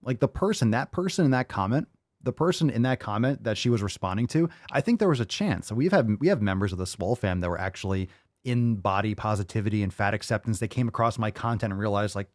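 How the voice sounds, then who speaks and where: A man hosts a fitness channel and reacts to clips in a profane, exasperated rant. His voice sits on the low side and sounds dry and close, with little room echo. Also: lively intonation, fast talker, a little mellow. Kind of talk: reaction commentary.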